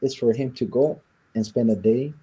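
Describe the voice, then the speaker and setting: This interview guest has a husky, dark voice of medium pitch and speaks at a moderate pace. He recounts something that happened to him, performing the quoted lines of each person in the story.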